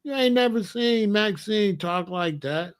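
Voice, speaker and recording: Blunt, high-voiced man ranting to viewers. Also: lively intonation, unhurried, clean tone. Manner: blunt, emphatic, talks straight to viewers. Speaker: commentator. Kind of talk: casual political commentary.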